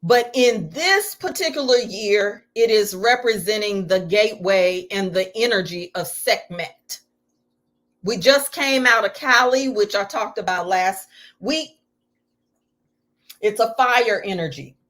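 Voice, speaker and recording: A woman's voice: medium pitch, lively intonation, a little slow, fairly bright tone. A middle-aged woman teaching on spirituality in a live stream, preacherly and full of rhetorical questions.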